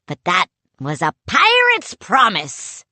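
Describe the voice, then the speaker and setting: A woman voicing a gruff, scheming pirate captain with a hook, in a growling pirate drawl for an audiobook. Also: mid-range voice, huge pitch swings, slow pace, sharp tone, dry recording, heavily acted. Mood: mocking. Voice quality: growling, gravelly. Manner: pirate dialect, drawling and mocking. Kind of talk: audiobook character voice.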